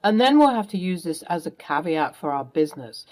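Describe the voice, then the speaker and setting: A woman's voice: on the low side, very animated, a little fast, darkish tone, soft background music, voice pushed down. A woman doing a sneering shady stepdad. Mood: scheming. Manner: defensive and sneering. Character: shady, blustering stepfather caught out.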